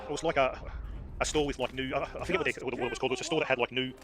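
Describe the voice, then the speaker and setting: A man's voice: mid-range voice, steady tone, very fast. An Australian man telling a casual story while streaming a game. He rambles, swears freely and leans on fillers. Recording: game music playing underneath. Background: game music.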